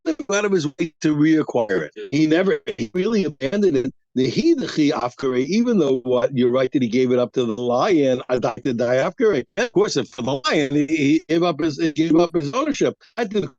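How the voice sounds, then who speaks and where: A man teaching a daf yomi Talmud class, acting out both sides of the argument with halting restarts. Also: on the high side, expressive, darkish tone, no room sound, highs cut off.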